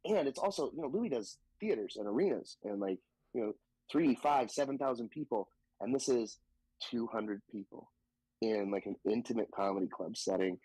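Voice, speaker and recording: A man from the Southern United States, a stand-up comedian telling stories in a casual podcast chat, animated and profane, slipping into quoted voices. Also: medium pitch, moderate pace, husky, no room sound, poor audio.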